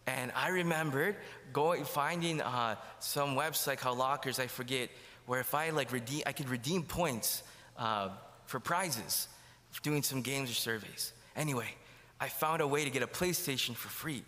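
A man's voice: mid-range voice, moderate pace, sharp tone. A man giving a sermon testimony in a church, telling his story and acting out the dialogue. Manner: storytelling, acts out quoted dialogue. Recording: long hall reverb.

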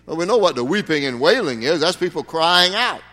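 A bright, fairly high-voiced man preaching a sermon, folksy and conversational, then building to sudden emphatic peaks. His voice carries a long reverb, as in a large church sanctuary. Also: animated, brisk. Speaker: pastor.

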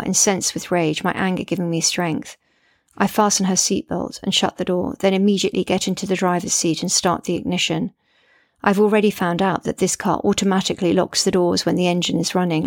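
A woman's voice: on the low side, flat delivery, fairly quick, creaky, no echo, clean studio sound. A middle-aged woman, a mother, narrating her memoir in an earnest, reflective way.

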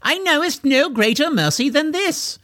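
A man's voice: very high voice, expressive, moderate pace, pushed and bright, no room sound, clean studio sound, pitched above the performer's own voice, heavily acted. A man playing a pompous cheating knight. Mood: menacing. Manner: pompous, mock-olde-English speech. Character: pompous cheating adult knight, mock-archaic.

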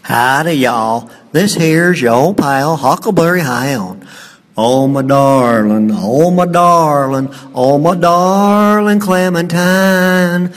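A man's voice: a little high, slow. A man voicing an easygoing male cartoon hound dog with a folksy drawl, greeting and then singing. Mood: friendly. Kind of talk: classic cartoon voice acting. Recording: long echoing reverb.

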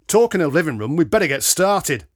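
A blunt, brisk carpet fitter who never minces words, played by a man reading aloud. His delivery is mocking and matter-of-fact, with husky edges. The recording is close and dry. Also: fairly high pitch, big pitch swings, dry recording, pitched above the performer's own voice.

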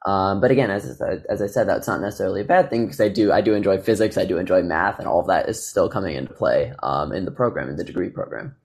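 A man's voice: low-pitched, fast, hardly any pauses, a little mellow. A man in his twenties from the Chicago area, a student guest talking in a hesitant, rephrasing way. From Chicago area, USA. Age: 20s. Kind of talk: casual discussion.

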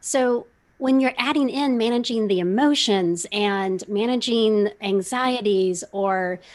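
A middle-aged woman hosting a casual interview, asking thoughtful, measured questions. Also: medium pitch. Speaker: podcast host.

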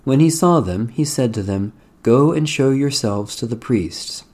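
A man giving a slow, measured liturgical reading of prayers and scripture in a solemn, prayerful manner. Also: mid-range voice, animated, darkish tone. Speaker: liturgical reader.

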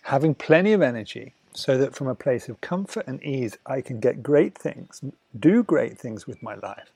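A man teaching a relaxation lesson, talking slowly and soothingly, sometimes dropping to soft murmurs between louder asides. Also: mid-range voice, animated, vocal fry, slightly rough, no room sound. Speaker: wellness teacher. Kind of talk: guided talk on breathing and relaxation.

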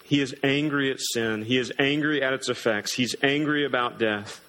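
A man preaching a sermon as pastor, earnest and emphatic, slowing down hard to stress key words. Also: mid-range voice, sharp tone, slight background noise, poor audio.

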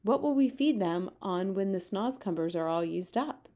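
A woman's voice: mid-range voice, lively intonation, normal speed, mellow, natural voice. A woman voicing a stately, gracious queen who speaks politely and evenly. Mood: curious.

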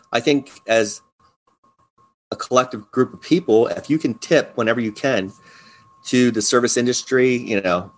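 Casual male podcast co-host. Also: mid-range voice. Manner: rambling, many fillers and restarts. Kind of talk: casual chat.

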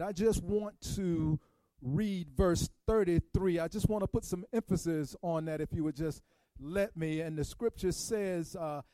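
A man delivers a sermon, his voice sitting high yet soft and mellow in tone. The sound is dry and close, with little room echo, and he talks in a folksy, conversational way, straight to the congregation. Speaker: guest preacher. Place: church sanctuary.

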